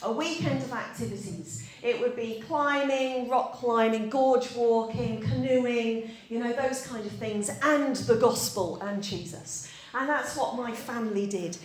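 Woman pastor in her 40s from yorkshire, chatty storytelling sermon, bit high voice, roomy church echo. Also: a little slow. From Yorkshire, England. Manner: chatty, anecdotal, asks the congregation questions. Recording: echoey church room.

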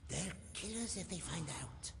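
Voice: medium pitch, lively intonation, normal speed, gravelly. جنديًا متوترًا يهمس في لعبة، مع صدى طويل وهسهسة واضحة. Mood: nervous. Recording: echoey game audio with hiss.

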